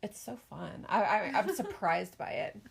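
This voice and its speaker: Middle-aged mom co-host, gravelly and a bit husky, chatty, self-mocking. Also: female voice, mid-range voice, sing-song, measured pace. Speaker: podcast co-host, mother. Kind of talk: casual chat.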